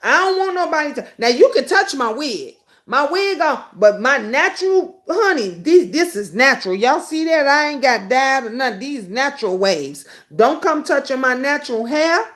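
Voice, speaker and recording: Hopping from viewer comments to stories, a middle-aged YouTube talk show host runs her live stream in a blunt, animated, outspoken way, reading comments out loud and swearing freely now and then. She has a high voice and a moderate pace.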